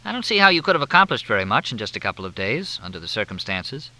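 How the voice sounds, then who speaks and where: A man's voice: on the low side, big pitch swings, quick pace, bright, forceful tone, no room sound, exaggerated voice, rough recording. A man doing a wry, probing male reporter.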